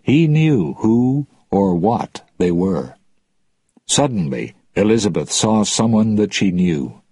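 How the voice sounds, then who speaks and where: Slow, husky low-voiced male narrator. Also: very animated, warm tone, no room sound. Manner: slow, deliberate, plain reading. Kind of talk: audiobook narration.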